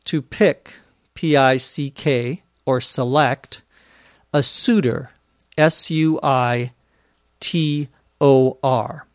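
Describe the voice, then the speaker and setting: A man's voice: a little high, no echo, clean studio sound. A man hosting an English-learning podcast, answering listener questions in a careful teaching style and spelling words out letter by letter. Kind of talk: slow, careful podcast lesson.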